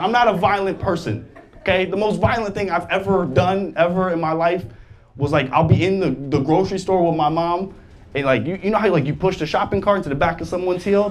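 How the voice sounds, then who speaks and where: A young adult man performing a stand-up comedy set on stage, animated, jumping into loud exaggerated voices for the people he quotes and laughing through his lines. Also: high voice. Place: comedy stage before a live audience. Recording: live stage mic with clear audience noise. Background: audience laughter.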